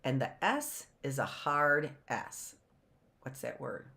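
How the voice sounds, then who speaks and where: A woman teaching a phonics lesson, sounding out words slowly and repeating them, with playful asides. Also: extremely low pitch, big pitch swings, creaky, bright, forceful tone. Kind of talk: phonics lesson for live online class.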